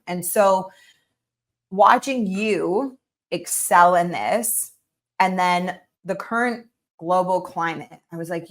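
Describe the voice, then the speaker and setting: A woman hosting a podcast interview, talking in an encouraging, effusive way with many fillers. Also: fairly low pitch. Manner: encouraging, effusive, heavy use of "like". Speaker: podcast host. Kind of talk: casual interview chat.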